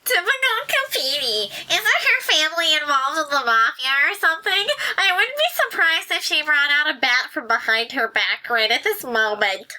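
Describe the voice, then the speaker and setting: A catty teenage schoolgirl friend with a snide, gossipy way of talking, voiced by a woman. High, very bright and sharp, with plenty of lift in her lines, as an amateur game reading. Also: expressive, moderate pace, few pauses, exaggerated voice, low-quality recording.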